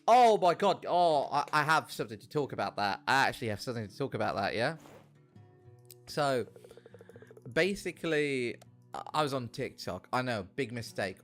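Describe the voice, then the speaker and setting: Lively, animated man streaming a game. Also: medium pitch. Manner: rambling, animated storytelling with swearing. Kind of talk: casual gaming stream chat.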